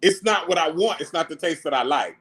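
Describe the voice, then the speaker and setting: A man, hosting a casual livestream and chatting back to viewer comments in an animated, slangy way. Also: on the high side, fairly quick. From New York. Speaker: livestream host.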